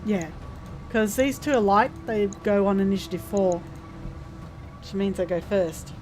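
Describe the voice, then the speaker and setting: A woman's voice: medium pitch, measured pace, a little mellow, faint music behind. A woman streaming a video game, thinking aloud casually and explaining its mechanics as she plays. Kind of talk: casual gameplay commentary.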